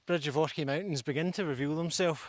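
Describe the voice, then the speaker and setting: Scottish hillwalker talking to his camera outside, puffing and cracking jokes, voice a bit high. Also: fast talker, no room sound. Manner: jokey, self-mocking while climbing. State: out of breath. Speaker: hillwalking vlogger. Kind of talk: casual outdoor vlog chat. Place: outdoors on a windy mountain. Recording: outdoor action camera with faint background noise.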